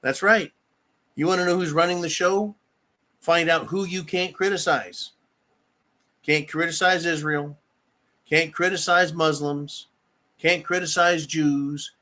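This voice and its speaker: A man's voice: fairly high pitch, fairly even intonation, measured pace, pauses often, pushed and bright. Angry man ranting profanely. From United States. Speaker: political commentary host reading viewer comments. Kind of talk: livestream political rant.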